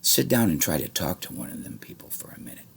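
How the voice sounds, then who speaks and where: A man with an extremely deep voice and a gravelly, husky rasp runs through a rambling monologue for his channel. His talk is full of swearing and lurches between hushed mutters and loud shouts. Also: lively intonation, fast talker, whispered. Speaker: vlogger.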